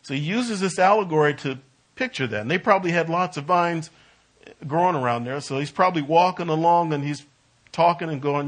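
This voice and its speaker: A man teaching a Bible study, talking in a halting way with restarts and leaning hard on key words. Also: a little high.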